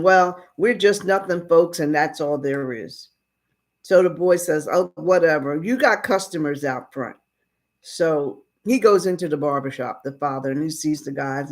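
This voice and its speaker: A woman retelling a story in a casual, folksy way and acting out the dialogue. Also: on the low side. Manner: drawling, folksy retelling with quoted voices. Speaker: speaker retelling a story for a lesson.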